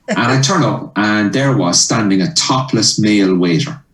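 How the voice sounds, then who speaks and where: A man's voice: low voice, moderate pace, roomy sound, recorded from a distance, poor audio. A male comedian telling a story in a casual interview, acting out the dialogue as he goes. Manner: animated storyteller, acts out dialogue. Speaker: comedian guest.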